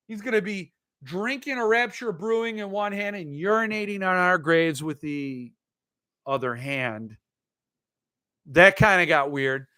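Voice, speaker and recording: Bright-voiced joking man hosting a stream. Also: high voice, clear, resonant tone, dry recording, clean studio sound. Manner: joking, rambling, self-mocking. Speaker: host of a book live stream. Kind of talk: casual live-stream chat.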